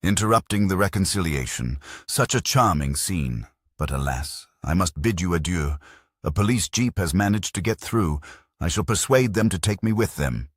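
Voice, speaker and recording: A man voicing a sly, theatrical old foreign gentleman who talks in a florid, conspiratorial way. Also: deep voice, animated, moderate pace, husky, no room sound, studio quality. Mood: mocking.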